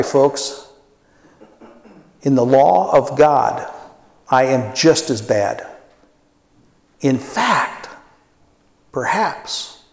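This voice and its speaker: A man in his sixties delivers an earnest, personal sermon in a slightly raised voice, dropping quiet for emphasis. The sound rings through an echoey church hall with a long, lingering reverb. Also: on the high side. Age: 60s. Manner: earnest, personal preaching with dramatic quiet drops. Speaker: pastor. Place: church sanctuary.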